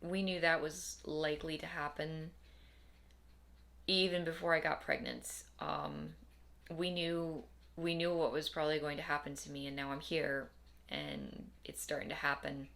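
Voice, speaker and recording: A woman's voice: sits low, animated, measured pace, gravelly, a bit bright. A young adult woman talking casually to camera in a rambling, wry, tired way, often repeating herself. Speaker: vlogger. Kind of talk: casual personal vlog.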